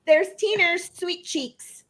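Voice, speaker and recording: A woman's voice: very high voice, takes it slowly, a bit bright, slight background noise. A woman chatting playfully on a group livestream, teasing about nicknames. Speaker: livestream co-host. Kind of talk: casual group chat on a video call.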